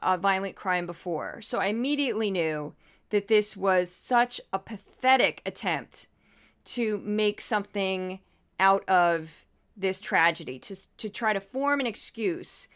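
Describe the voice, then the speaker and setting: A woman's voice: mid-range voice, lively intonation, measured pace, fairly bright tone, clean tone. A woman hosting a podcast, delivering indignant, impassioned commentary and getting worked up as she argues. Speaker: podcast host.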